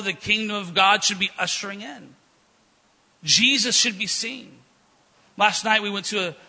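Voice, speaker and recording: A guest preacher delivers a fervent sermon in a church sanctuary, telling stories with quoted dialogue. His voice sits high, bright and forceful, and the long reverb of a church hall surrounds it.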